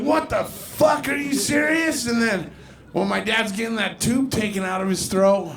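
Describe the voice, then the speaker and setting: Slightly high and marked by vocal fry, this forties-aged comic's voice carries a profane club set. He rambles through loose stories and breaks into loud, exaggerated characters.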